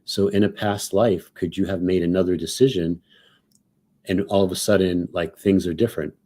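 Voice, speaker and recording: Man on a video call panel, deep voice, warm tone, rambling casual delivery. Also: steady tone, normal speed, slightly rough. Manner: meandering, thinks aloud with "like" and "so". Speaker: panel regular.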